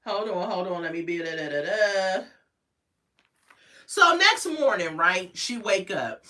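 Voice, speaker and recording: Sassy, animated woman recapping reality TV. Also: mid-range voice, measured pace, distant mic. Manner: animated, gossipy, sassy asides, laughs often. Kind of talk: casual recap chat.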